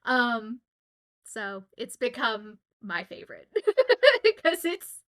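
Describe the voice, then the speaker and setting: A chatty young woman from Southwest Louisiana talks casually to her livestream viewers while signing. Her voice sits a little high and sounds sharp and bright. She giggles often and leans on "um" and "uh" between thoughts. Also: sing-song, extremely slow. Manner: chatty and giggly, with many fillers. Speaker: voice actor signing autographs on stream.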